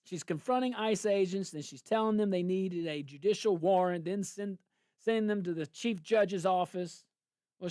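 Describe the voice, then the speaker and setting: A man's voice: high-pitched, darkish tone, no echo. Brief: male political talk host, emphatic, incredulous, dry close studio mic. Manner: emphatic, incredulous, quick to laugh. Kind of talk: political talk radio banter.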